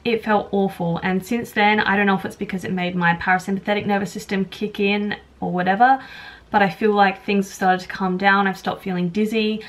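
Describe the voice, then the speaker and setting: A woman's voice: medium pitch, steady tone, brisk. A young woman talking frankly to camera at home, rambling and self-mocking as she gives tips. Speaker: vlogger and childminder. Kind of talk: candid talk to camera. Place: home, moving between rooms.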